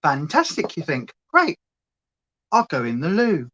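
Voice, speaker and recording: A woman's voice: sits low, huge pitch swings, a little slow, long pauses, a bit bright. A British woman hosting a livestream from home, chatting casually and going off on tangents. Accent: British English. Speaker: livestream host. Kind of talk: rambling casual chat.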